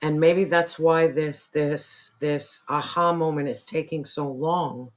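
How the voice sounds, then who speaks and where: A tarot reader losing their voice, who keeps clearing their throat and talks earnestly and repetitively straight to the viewer. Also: medium pitch, fairly even intonation, takes it slowly. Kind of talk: casual spiritual tarot reading to camera.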